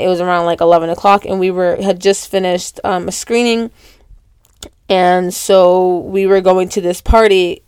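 A young woman hosting a podcast, casually telling a story with lots of filler words and excitement. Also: fairly low pitch, clear, resonant tone, no room sound. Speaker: podcast host.

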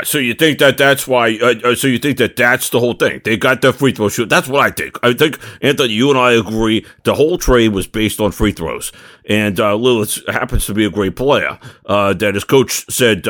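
A man's voice: fairly low pitch, normal speed, fairly bright tone, no room sound, clean studio sound. Stammering man teasing his co-hosts. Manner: stammering, teasing, restarts words. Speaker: sports talk panelist. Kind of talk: casual sports chat.

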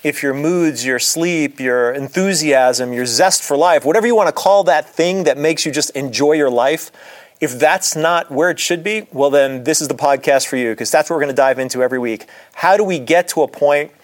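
A man's voice: fairly high pitch, normal speed. Chatty middle-aged male doctor host. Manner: chatty, earnest, storytelling. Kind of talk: casual solo podcast monologue.

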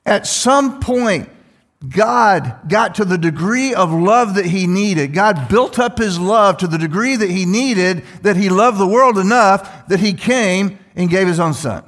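A man's voice: high-pitched, animated, a little slow, a bit bright. An older man preaching a sermon as pastor, talking conversationally and asking the congregation questions. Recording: long hall reverb with faint music.

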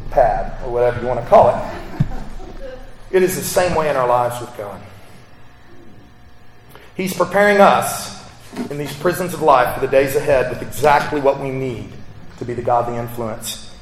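A man preaching a sermon, telling a story and acting out its characters with growing intensity. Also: mid-range voice. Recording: echoey hall from far off, with noise.

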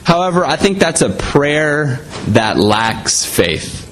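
A man's voice: on the high side, very animated, takes it slowly, a bit bright, slight background noise, rough recording. A man preaching a sermon in a conversational way, often saying "you know".

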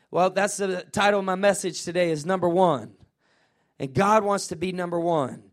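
A middle-aged pastor, preaching a lively sermon and calling out to his congregation. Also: sits high, moderate pace. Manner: energetic, call-and-response with congregation. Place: church sanctuary.

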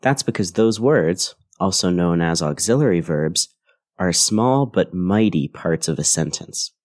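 A man with a low, deep voice teaches English grammar on a podcast. He reads his scripted lesson in a clear, measured way. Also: expressive, a little mellow. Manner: clear, measured explanatory delivery.

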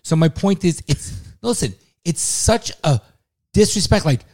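A man's voice: high voice, animated, measured pace, a little mellow. A middle-aged man co-hosting a podcast in casual chat, ranting in a heated, profane and emphatic way. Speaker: podcast co-host.

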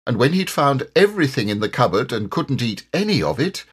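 Husky, expressive storybook narrator, man. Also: mid-range voice, a little fast. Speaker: audiobook reader.

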